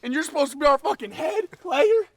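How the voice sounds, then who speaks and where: A man's voice: very high-pitched, expressive, a little fast, a bit bright, dry recording, voice pushed up. A man voicing the ghost of a bellowing old male football coach who barks drill-sergeant orders. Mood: hectoring.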